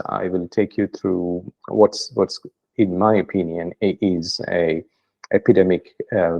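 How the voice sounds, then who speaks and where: A man's voice: sits low, darkish tone, lo-fi sound. A middle-aged man with an Indian accent giving an online medical lecture, hesitant with many fillers and restarts. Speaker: doctor giving a guest lecture.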